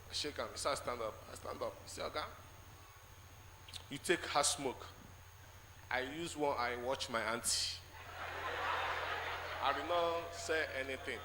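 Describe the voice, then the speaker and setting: A man with a Nigerian English accent giving a spoken testimony in church, telling his story haltingly and acting out the conversations in it. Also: medium pitch. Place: large church hall. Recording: echoey church hall with faint noise.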